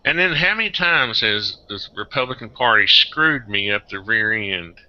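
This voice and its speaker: A tired man hosting a casual online group chat, rambling and excitable, jumping into high-pitched outbursts. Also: normal speed, no room sound, highs cut off. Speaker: host of an online hangout.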